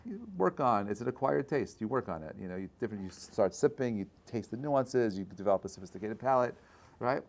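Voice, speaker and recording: A man, a rabbi, giving an informal Torah class in a conversational way, often checking in with his listeners and building to loud, animated bursts. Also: lowish voice, brisk. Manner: conversational, checks in with frequent "right?".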